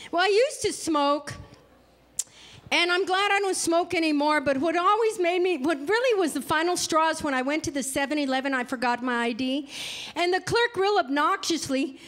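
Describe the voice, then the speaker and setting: A woman's voice: sits high, brisk, a bit bright. A middle-aged woman from New Mexico performing a stand-up comedy set, chatty and self-mocking, acting out what people said to her. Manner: chatty, self-mocking, acts out quoted lines. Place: live comedy venue.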